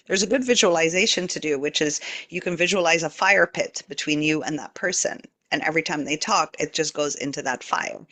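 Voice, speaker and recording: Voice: medium pitch, animated, a little fast, creaky, bright, forceful tone. A podcast guest explaining spiritual ideas earnestly in a casual chat, walking the listener through visualizations.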